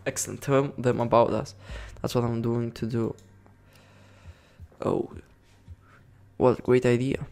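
A man's voice: mid-range voice, level tone, unhurried, creaky, long pauses, a little mellow. A man giving casual game commentary, rambling along with frequent giggles and swearing. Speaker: gaming video creator.

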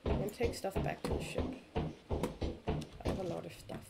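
A young woman chatting over voice while playing a game, relaxed and chatty, telling little stories about her pets. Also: lowish voice, normal speed, creaky, heavy background noise. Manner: laid-back, chatty storyteller. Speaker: co-streamer. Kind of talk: casual chat while gaming.

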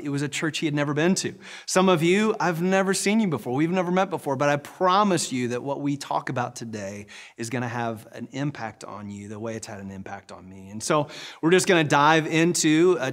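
A middle-aged male pastor preaching in a big church in an easygoing, folksy way. He leans on stories and circles back over his words. His voice sits at an ordinary middle pitch. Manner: conversational, folksy storytelling with repetitions. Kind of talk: sermon. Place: large church auditorium.

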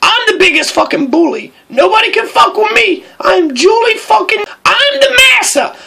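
Brief: woman voicing a tyrannical bully teacher, very high, bright and gravelly, shouting profane rants. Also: very animated, moderate pace, heavily acted. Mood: ranting. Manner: shouting, profane, mocking rant.

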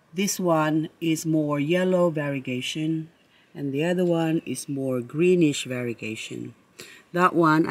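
A woman vlogging among her succulent shelves on a handheld camera, chatty and excitable, rambling and talking to her plants. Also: deep voice. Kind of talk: casual plant-tour vlog. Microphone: handheld camera she moves around.

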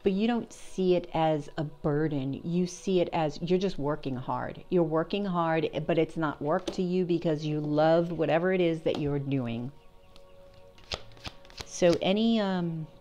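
Lowish woman's voice, chatty tarot reader hyping up the viewer, soft music under her. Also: a little slow. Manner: chatty, encouraging, talks to herself and answers. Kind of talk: casual spoken tarot reading.

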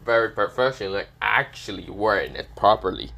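A man's voice: on the low side, animated, a little fast, creaky, pushed and bright. A man improvising a fan-fiction story aloud, rambling with lots of fillers and casual swearing.

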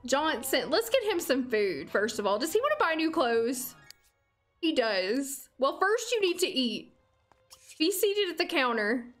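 Lively high-voiced woman streaming a game. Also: measured pace. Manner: chatty, laughs often, talks to game characters. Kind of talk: casual gameplay livestream chat. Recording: faint music behind.

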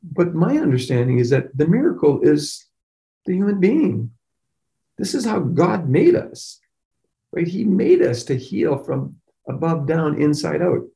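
A man's voice: fairly high pitch, sing-song, measured pace, vocal fry, mellow. A middle-aged man, a chiropractor, telling an emotional personal story in an earnest way, often repeating words as he goes. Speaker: chiropractor guest.

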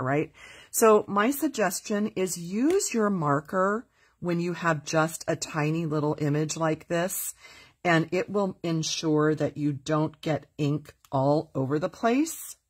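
A woman with a lowish, airy voice runs a live crafting lesson. She is chatty and upbeat, explaining each step and stopping to read out viewers' comments. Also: slightly rough. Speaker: crafting host. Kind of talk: live stamping tutorial.

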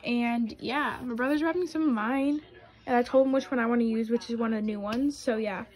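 A woman's voice: a little high, a little fast, a little mellow, low-quality recording. A young woman vlogging casually, chatty and bubbly, with lots of "like" and "um". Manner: chatty and bubbly, heavy use of "like" and "um". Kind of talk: casual vlog chat.

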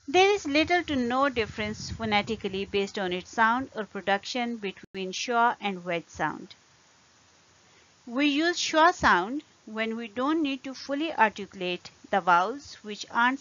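A woman teaching an English pronunciation lesson, speaking deliberately and repeating example words carefully. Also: on the high side, a bit bright, muffled recording.

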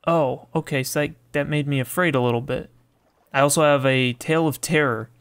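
A man playing a video game, reading its text aloud and reacting with chatty, excitable asides as he thinks out loud. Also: a little high, a little fast, clear, resonant tone. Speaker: let's play gamer.

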